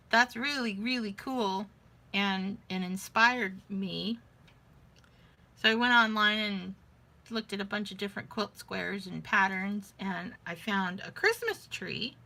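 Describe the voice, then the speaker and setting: A woman's voice: mid-range voice, vocal fry, sharp tone. A woman vlogging in a casual, rambling way, thinking aloud as she shows her beadwork. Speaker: vlogger showing beading crafts. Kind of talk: casual chat.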